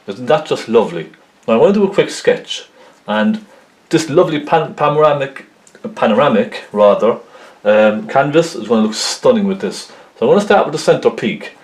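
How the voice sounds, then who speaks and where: A man's voice: mid-range voice, darkish tone. A man talking through a painting tutorial in a friendly, rambling way, full of ums and "isn't it?" tags. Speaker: painting teacher. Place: painting studio, indoors. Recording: echoey studio room.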